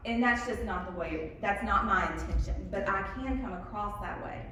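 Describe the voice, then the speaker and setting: A woman's voice: medium pitch, normal speed, hardly any pauses, pushed and bright, slight background noise. A woman giving a candid faith talk to a live group, self-deprecating, with frequent ums and small laughs. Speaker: speaker at a church evening talk. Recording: echoey hall from a distance.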